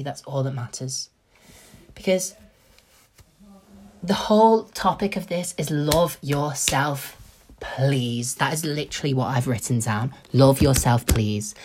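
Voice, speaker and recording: A man's voice: on the high side, a little hiss or hum. A young man hosting a casual solo podcast, talking animatedly, swearing freely and acting out what his friends would say. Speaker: podcast host.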